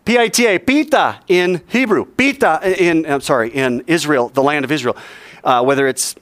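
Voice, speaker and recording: A male teacher giving an animated classroom lecture, quizzing the class and joking as he goes. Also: a little high, moderate pace, dry recording.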